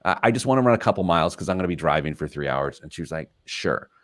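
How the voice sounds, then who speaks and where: A radio talk show host and financial planner tells stories about himself in a casual, self-mocking way, laughing at his own expense. His voice is deep and lively in intonation, and he races along.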